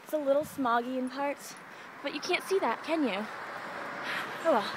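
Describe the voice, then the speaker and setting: Walking along a busy downtown street, a woman vlogs casually on a handheld camera, bubbly and playful and exclaiming often. Her voice is high and moderately paced, and traffic noise fills the recording.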